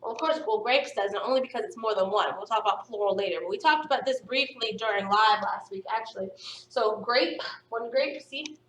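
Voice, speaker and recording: Woman phonics teacher, high voice, slow and encouraging, recorded off-mic in a roomy space. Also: a bit bright, far from the mic. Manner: slow, stretched-out sounding of words for young pupils; encouraging, upbeat praise. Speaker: primary school teacher. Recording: echoey room, voice somewhat off-mic.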